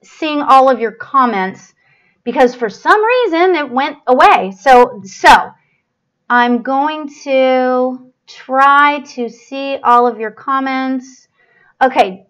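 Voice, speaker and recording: A woman's voice: high voice, slow pace, fairly bright tone. A woman hosting a live stream as a psychic medium, chatty and flustered, apologizing and laughing as she gives readings.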